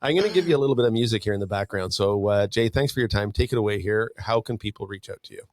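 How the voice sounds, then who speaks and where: A man's voice: lowish voice, racing, slight background noise. A man co-hosting a podcast in easygoing casual chat, agreeing a lot and using many fillers. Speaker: podcast co-host.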